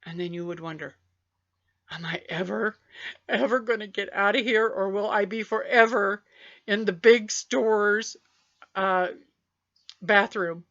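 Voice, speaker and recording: A woman telling a story on a vlog in an animated, playful way, stretching out repeated phrases, recorded on a webcam. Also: medium pitch, muffled recording. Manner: animated, playful, drawn-out repetitions. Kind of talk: casual spoken storytelling.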